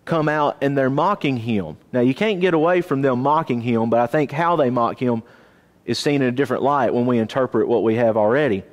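A man teaching a Bible class in a church auditorium, lively and questioning his listeners. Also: mid-range voice, fairly quick. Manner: animated, asks the class questions. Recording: long reverb of a church auditorium.

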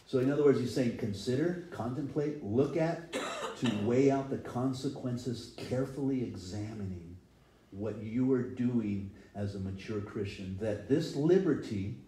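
Pastor with a mellow, roomy voice. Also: male voice, mid-range voice, a little slow, a little hiss or hum. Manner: conversational, acts out quotes in voices. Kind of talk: sermon. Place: church.

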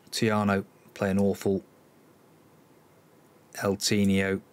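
Deep, monotone, and very slow, a man from Cornwall, England, hosts a football management let's-play. He commentates on the match as it happens, exasperated and sighing, and addresses his players.

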